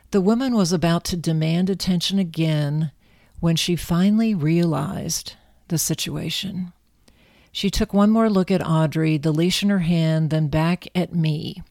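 Female storyteller, low voice, calm measured reading, dry close mic. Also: dry recording. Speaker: narrator. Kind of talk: storybook narration.

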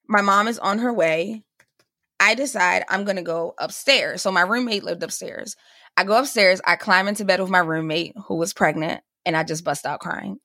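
A woman's voice: mid-range voice, bright, forceful tone, dry recording, clean studio sound. A young woman, a podcast guest, telling a personal story in casual chat and acting out the voices of the people in it. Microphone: remote call mic.

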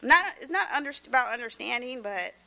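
A mother talking about her family, hesitant and halting, searching for her words. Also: fairly high pitch, lively intonation, gravelly, pushed and bright. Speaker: guest, mother of children. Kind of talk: personal conversation.

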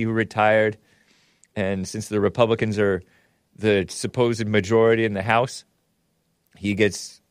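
A man's voice: on the low side, dry recording, clean studio sound. Rambling sarcastic male stream host. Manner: rambling, sarcastic, with frequent self-corrections and asides. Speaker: show host. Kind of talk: casual live-stream political commentary.

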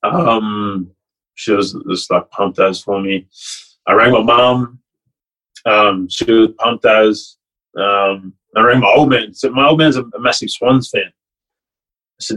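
Husky-voiced man telling a story. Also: fairly low pitch, measured pace, pauses often, fairly bright tone, rough recording. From Fiji. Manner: rambling and heartfelt, many restarts and "like". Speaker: guest, rugby league player and coach. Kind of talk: casual storytelling chat.

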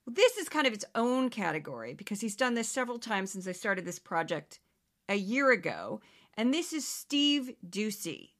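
A woman's voice: mid-range voice, sing-song, normal speed. A woman hosting a podcast, talking in a casual, sarcastic commentary style and putting on exaggerated voices to mimic others. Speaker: podcast host.

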